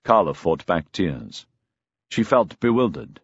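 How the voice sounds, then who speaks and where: A man's voice: fairly low pitch, animated, normal speed, no room sound, clean studio sound. A man narrating a novel as an audiobook, telling the story expressively.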